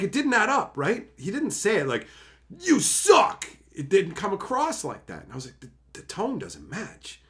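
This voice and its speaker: On his livestream, a Canadian man reads chat messages aloud and chats casually in a slightly high voice. He's jokey and animated, often slipping into mocking voices.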